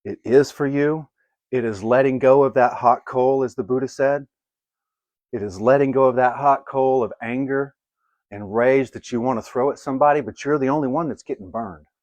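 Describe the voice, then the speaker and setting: A man's voice: mid-range voice, normal speed, a little mellow, no echo. A man giving live oracle card readings to viewers he greets by name, casual and swearing now and then. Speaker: livestream card reader.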